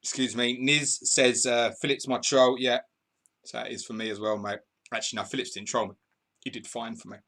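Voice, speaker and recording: Chatty bright-voiced male stream host. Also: mid-range voice, level tone, brisk. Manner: chatty, banters with viewers, laughs often. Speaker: podcast host. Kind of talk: live stream commentary reading chat.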